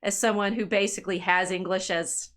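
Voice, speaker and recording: Middle-aged woman chatting on a podcast, playful, laughs a lot, gets excited. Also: mid-range voice, brisk. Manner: playful, enthusiastic, laughs often. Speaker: podcast co-host. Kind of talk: casual chat.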